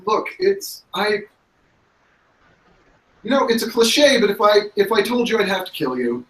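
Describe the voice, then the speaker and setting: A man's voice: high-pitched, very animated, measured pace, fairly bright tone, pitched above the performer's own voice, exaggerated voice. A man playing a jumpy, evasive captive. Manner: defensive, stammering, brushes off questions. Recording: roomy, distant mic.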